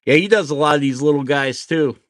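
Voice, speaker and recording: A man's voice: a little high, brisk, dry recording. A middle-aged man from New Jersey talks loosely while carving and chats with viewers of his livestream. He rambles from topic to topic and laughs at himself as he goes. His voice is recorded close and dry, with no room sound. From New Jersey, USA. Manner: rambling, self-deprecating, laughs often. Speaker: woodcarving livestream host. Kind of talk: casual chat while carving.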